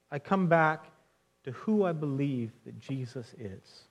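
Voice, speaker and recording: A young male pastor delivers a sermon in an earnest, chatty way. His voice sits a little high for a man, and he often restarts phrases as he speaks straight to his listeners. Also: expressive, normal speed, darkish tone. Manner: earnest, conversational preaching with frequent restarts and direct address to friends.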